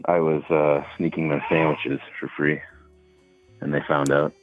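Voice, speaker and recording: Man, caller, very low voice, tinny phone sound, laid-back rambling storyteller. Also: level tone, unhurried, soft background music. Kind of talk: casual phone call.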